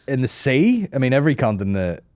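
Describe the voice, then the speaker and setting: A man in his thirties from Northern Ireland hosts a comedy podcast, with a Northern Irish accent and a mid-range, sing-song, slightly mellow voice at a brisk pace. The chat is loose, rambling and profane, with laughs between riffs.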